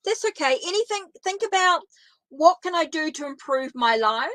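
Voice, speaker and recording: A New Zealand tarot reader with a Kiwi accent does readings on a live stream, chatting, repeating herself and answering viewers. Her voice is high, animated and a bit bright at a moderate pace, on a rough recording with no echo.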